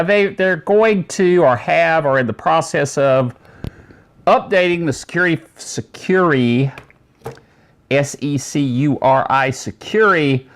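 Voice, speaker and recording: A man's voice: fairly high pitch, fairly bright tone. A man hosting a casual tech news show, talking in a rambling, chatty way with many asides.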